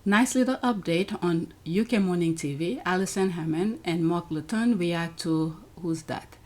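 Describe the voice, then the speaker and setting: At a moderate pace and fairly low pitch, a woman offers casual reaction commentary on her YouTube channel. She works through clips on screen, chatting and often exclaiming.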